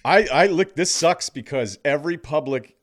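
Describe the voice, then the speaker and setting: A man's voice: fairly high pitch, moderate pace. A man talking as a podcast guest in casual sports chat, rambling and wry, with a teasing edge.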